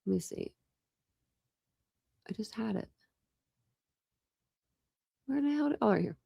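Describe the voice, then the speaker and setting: A woman's voice: fairly high pitch, lively intonation, slow pace, gravelly, mellow, breathy edge, no echo, studio quality. A woman hosting a casual online chat, rambling and laughing as she browses videos and talks to her pets. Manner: rambling, chatty, laughs often, coos at pets. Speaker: true crime channel host.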